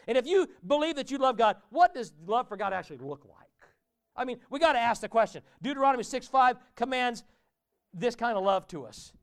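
A man preaches to his congregation in a church, speaking in a very high register. His tone stays smooth and clear. He talks in a loose, conversational way and keeps checking in with his listeners through questions. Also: expressive, a little fast. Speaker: pastor. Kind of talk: conversational sermon.

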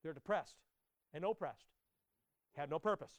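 A man preaching a sermon to his congregation, emphatic and direct, often repeating his words and rising to loud climaxes. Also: fairly high pitch, moderate pace, no room sound. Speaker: pastor.

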